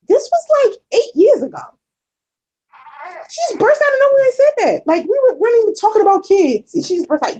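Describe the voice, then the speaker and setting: A woman's voice: extremely high pitch, very animated, a little fast, darkish tone, low-quality recording. A woman vlogger chatting candidly with her viewers, rambling with many fillers and repeats. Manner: chatty and candid, often swears. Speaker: vlogger answering viewer comments. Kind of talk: casual chat.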